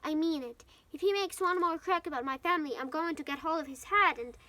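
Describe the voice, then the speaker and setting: A woman's voice: high voice, a bit bright, no echo. A woman with Ukrainian as her first language reading the lines of a blunt, hot-tempered teenage boy in a storybook. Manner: blunt, quick to anger.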